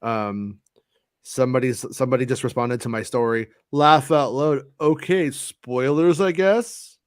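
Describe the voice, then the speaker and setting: A man's voice: medium pitch, a little mellow, smooth, no echo, studio quality. A man hosting a podcast, chatting casually with swearing and frequent laughs. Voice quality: swears freely, quick laughs. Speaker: podcast host. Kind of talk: casual profane banter.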